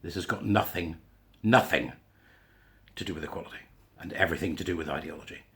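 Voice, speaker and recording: A man's voice: deep voice, brisk, fairly bright tone. A man hosting a podcast in a casual opinion monologue, blunt and sarcastic with a put-on mock Scottish accent. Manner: blunt, sarcastic, swearing, laughs to himself. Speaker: podcast host.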